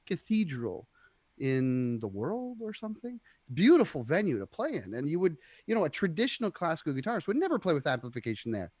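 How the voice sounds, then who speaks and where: A man chats animatedly on a remote call with a higher, expressive voice that swoops up and down. The sound is dry and close, with almost no room around it. He laughs easily between thoughts. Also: brisk, no echo. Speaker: guitarist guest. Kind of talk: casual livestream chat.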